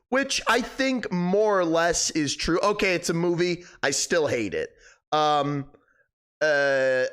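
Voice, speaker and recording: A man's voice: on the high side, fairly bright tone. A young man hosting a live stream, chatting casually and rambling, swearing a lot, his voice cracking. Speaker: livestream host.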